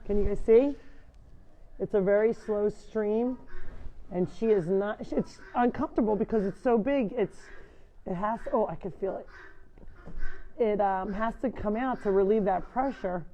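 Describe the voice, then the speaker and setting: A woman's voice: mid-range voice, unhurried, long pauses, warm tone. A woman hosting a live farm sanctuary stream, chatting casually while she coaxes animals and explains barn chores. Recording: muffled lo-fi audio with faint noise.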